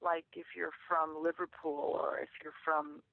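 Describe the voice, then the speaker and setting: A woman's voice: low-pitched, measured pace, creaky, no room sound. A woman from England, a guest chatting casually and candidly in an interview. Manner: relaxed, candid, laughing easily. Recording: tinny phone line.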